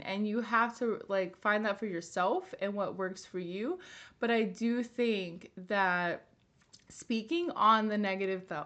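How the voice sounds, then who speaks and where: A young woman speaking to camera in a casual wellness vlog. She sounds earnest and chatty, with plenty of fillers and little restarts in her sentences. Her voice sits at an ordinary pitch for a woman. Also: lo-fi sound. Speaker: wellness vlogger. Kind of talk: casual personal vlog talk.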